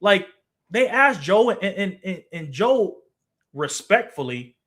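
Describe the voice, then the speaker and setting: A man's voice: high voice, sing-song, slow, a bit bright. A man in his twenties hosting his own show, giving a passionate, blunt opinion monologue with casual slang and swearing, talking straight to the person he criticizes. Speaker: show host, former football player.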